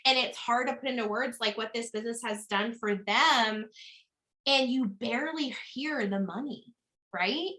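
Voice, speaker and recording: A woman hosts over a video call, gushing and effusive, piling on fillers. Her voice sits high and rings bright and forward. The talk stays loose and casual. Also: moderate pace. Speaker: host. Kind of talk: emotional recognition speech on a video call.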